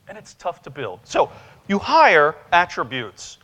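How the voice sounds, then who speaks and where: A man speaking as a sales trainer at a conference keynote, animated and joking as he tells stories, in a large hall with long reverb. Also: high voice, a little slow, slight background noise.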